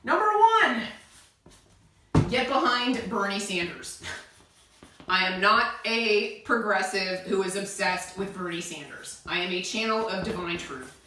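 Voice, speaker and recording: A woman's voice: medium pitch, a little slow, bright, forceful tone, a little hiss or hum. A young woman delivering an urgent, emphatic spiritual monologue to camera, pleading and repeating herself for emphasis. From United States. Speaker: self-styled spiritual channel. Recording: very echoey room.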